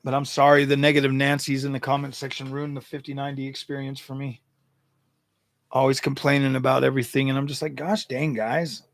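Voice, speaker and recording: A man's voice: mid-range voice, little pitch movement, a little fast, creaky, dry recording, studio quality. A man hosting a tech channel, chatting casually and animatedly, exasperated, often stammering and repeating himself. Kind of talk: casual livestream chat.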